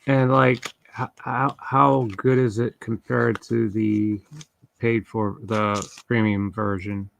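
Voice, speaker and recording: A man in a casual group chat, asking curious, halting questions. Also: fairly low pitch, little pitch movement, gravelly, a little hiss or hum.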